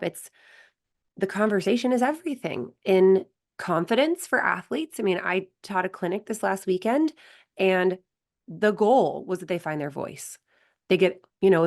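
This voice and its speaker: A woman hosting a podcast as a performance coach, speaking in a thoughtful, reflective way. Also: mid-range voice. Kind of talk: podcast conversation.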